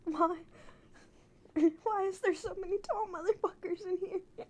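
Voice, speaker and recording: A woman's voice: extremely high pitch, measured pace, long pauses. A woman streamer chatting casually from her room, laughing often, swearing freely and exaggerating for effect. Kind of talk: casual live-stream chat.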